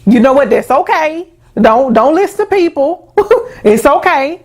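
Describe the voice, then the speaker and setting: A woman talks straight to the camera, handing out advice in a folksy, emphatic way. Her voice sits a little high, and she repeats herself and restarts words as she pushes each point home. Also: lively intonation, a little slow. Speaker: host. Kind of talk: casual advice talk to camera.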